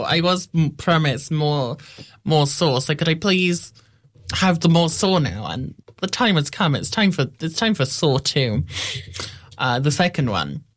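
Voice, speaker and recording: A man giving a casual spoken film review, wry and rambling, often restarting his sentences. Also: a little high.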